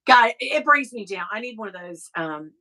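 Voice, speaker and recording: Middle-aged Southern woman hosting a livestream, bright tone, rambling, casual cursing. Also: a little high, lively intonation, moderate pace. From American South. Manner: chatty, rambling, laughs often, swears casually. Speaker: livestream host reading chat. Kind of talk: casual chat.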